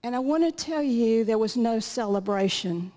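Speaking at normal speed in an animated way, a woman in her 60s or 70s shares her testimony as a guest speaker at a church gathering, using a stage mic in an echoing hall. Her voice is fairly high yet dark in tone, and she earnestly performs the lines people said to her.

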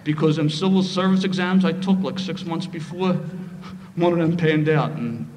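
A middle-aged man with a Philadelphia accent, telling a lively, humorous story of his past at a recovery meeting. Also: a little high, moderate pace. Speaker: speaker sharing his story. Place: meeting hall. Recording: roomy hall, faint noise.

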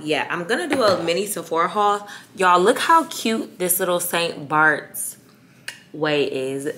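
A young woman with a raspy voice, chatting excitedly in a casual vlog. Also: deep voice, a little hiss or hum, rough recording. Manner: chatty, excited, lots of fillers. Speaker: vlogger.

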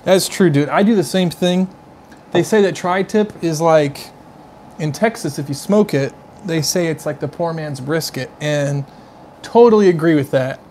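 Gushing over what he eats and smells, a male livestream host talks to his viewers in a rambling, informal way, full of chatty asides. The voice leans high, with a darkish tone and a moderate pace. Light hiss or hum can be heard.

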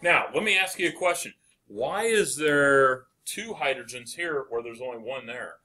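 A man teaching a chemistry lecture, asking the class questions and answering them with quick encouragement. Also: medium pitch, lively intonation, bright, forceful tone.

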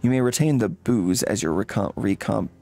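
A man voicing a pompous male gangster tech in a comedy game, who rushes through long words and trips over them. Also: on the low side, vocal fry, mellow, no room sound.

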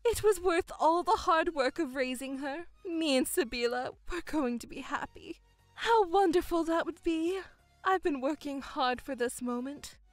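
Scheming, condescending mother, middle-aged, mocking and gloating, voiced by a woman; high, lively delivery over faint music. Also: no room sound. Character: scheming middle-aged mother, doting, spiteful to elder daughter. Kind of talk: voiced story narration.

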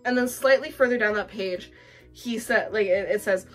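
A woman's voice: mid-range voice, moderate pace, faint music behind. A young woman giving a casual, profane book review, full of fillers and laughter.

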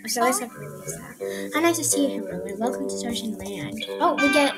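Excitable woman gaming vlogger, high voice. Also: a little fast, creaky. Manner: excitable, often exclaiming. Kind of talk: casual gameplay commentary. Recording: loud game music behind voice. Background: game music.

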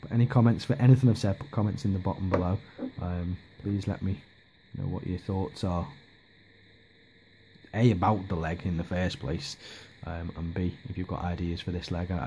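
A man's voice: sits low, background noise. A man giving a casual, rambling hobby update, hesitant with lots of ums and restarts. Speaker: miniature hobby vlogger.

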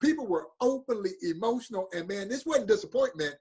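A man's voice: high-pitched, animated, brisk, a little mellow, husky. A middle-aged man, a museum president, telling an emotional story in an interview with earnest intensity. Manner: earnest, building to emotional peaks.

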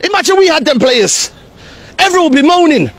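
A man's voice: extremely high pitch, sing-song, brisk, fairly bright tone. A man ranting outdoors as a football fan. He talks in exasperated bursts and uses a lot of slang. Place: outdoors in the rain.

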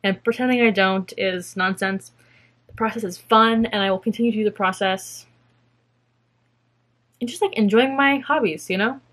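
A woman's voice: mid-range voice, moderate pace, pauses often, fairly bright tone. A young woman chatting casually to camera about her spinning and felting projects, rambling and self-mocking, now and then slipping into silly voices. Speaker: fiber craft podcaster.

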